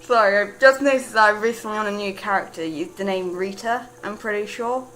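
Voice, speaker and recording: A woman's voice: medium pitch, a little fast, fairly bright tone, a little hiss or hum, poor audio. A young woman with a British accent, rambling casually about a character she writes, with lots of fillers and restarts. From Britain. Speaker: writer discussing her character.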